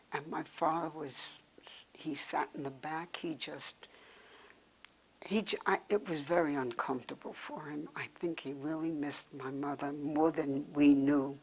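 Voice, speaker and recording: A woman's voice: sits low, a little hiss or hum, low-quality recording. An older woman from New York City telling her life story in an interview, rambling and backtracking as she remembers. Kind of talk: oral history storytelling.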